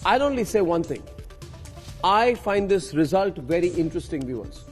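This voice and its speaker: A man moderating a heated televised news debate, forcefully interrupting and repeating panelists' names. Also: sits high, sing-song, moderate pace, soft background music.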